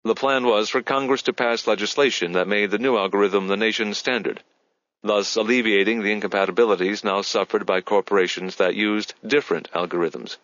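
Low-voiced male audiobook narrator. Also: no room sound, highs cut off. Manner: measured, even storytelling. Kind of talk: scripted narration.

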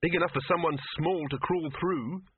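A man's voice: on the high side, steady tone, moderate pace, husky, dry recording, pitched above the performer's own voice. A man voicing an earnest, anxious young man who speaks in an encouraging way, in a storybook reading. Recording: tinny lo-fi dry audio.

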